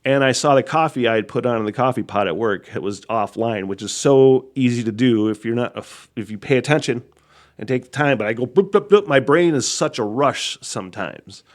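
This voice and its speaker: A man hosting a solo podcast, telling stories in a rambling, heavily profane way, laughing often and swinging from loud outbursts to quiet mutters. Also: medium pitch, a little fast. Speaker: podcast host. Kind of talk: casual solo podcast monologue.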